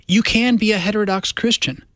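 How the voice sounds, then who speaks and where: A man's voice: high-pitched, brisk, fairly bright tone, no room sound. A man, a pastor in a theology discussion, probing and clarifying with frequent "right?" tags.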